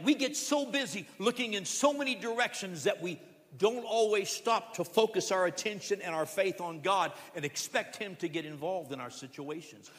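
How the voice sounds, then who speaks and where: Man, pastor, earnest sermon, high voice, long reverb of a church hall. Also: a bit bright. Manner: earnest preaching, acts out a beggar's pleading. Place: church sanctuary.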